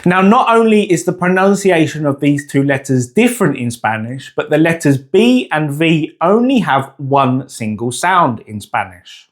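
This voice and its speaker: A young man, a language teacher, giving a scripted pronunciation lesson and slowly, clearly demonstrating sounds. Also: on the high side, sing-song.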